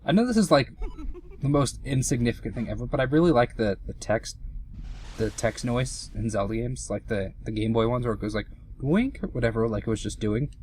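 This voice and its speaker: Young male let's-player, loose rambling chat, self-deprecating, mid-pitched voice. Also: fairly quick, a little mellow, a little hiss or hum. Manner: rambling, filler-heavy, self-mocking. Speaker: let's play commentator. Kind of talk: casual gameplay commentary.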